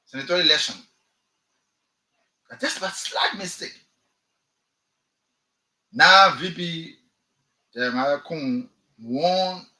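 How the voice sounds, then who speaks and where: A man's voice: high-pitched, bright, forceful tone, echoey room, poor audio. A man with a Liberian English accent hosting a radio talk show, delivering impassioned political commentary and firing off repeated rhetorical questions. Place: radio studio.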